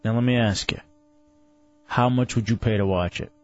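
A man's voice: on the low side, steady tone, moderate pace, darkish tone, no echo, dull audio. A man hosting a talk radio show, opinionated and argumentative in casual banter.

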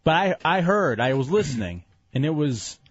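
A man's voice: sing-song, slightly rough, no room sound, highs cut off. A man hosting an evening radio show, bantering playfully and rambling from topic to topic. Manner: playful, rambling, quick shifts in pitch. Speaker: radio host.

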